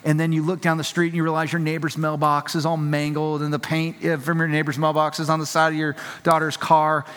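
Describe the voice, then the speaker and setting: A man's voice: a little high, completely flat delivery, a little fast, a bit bright, smooth. A man preaching a sermon in a conversational, emphatic way, acting out quotes and often restarting his sentences. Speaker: pastor. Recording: long reverb of a large hall.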